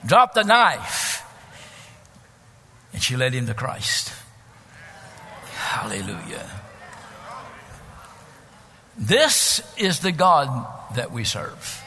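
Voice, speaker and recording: A man preaching a sermon as pastor, building to shouts and dropping to hushed, drawn-out lines. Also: fairly high pitch, very animated, in a large hall, slight background noise.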